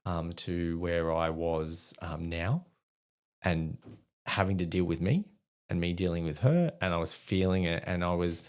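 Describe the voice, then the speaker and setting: A man's voice: sits low, unhurried, a little mellow, clear, resonant tone. A middle-aged man, a veteran guest, telling frank stories in a rambling way with many fillers. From Australia. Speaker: podcast guest, army veteran. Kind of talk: candid conversational storytelling.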